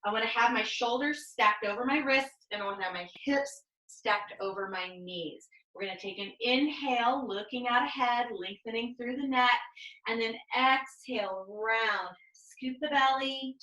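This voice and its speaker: A woman leading a pilates class over a video call, giving calm step-by-step cues and counting reps. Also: a little high, unhurried, reverberant, poor audio. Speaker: pilates instructor. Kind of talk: guided exercise class cues.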